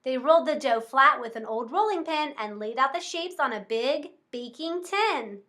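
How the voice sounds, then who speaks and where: A woman reads a children's storybook aloud in a high, bright voice. Her telling is expressive and rhythmic. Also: normal speed.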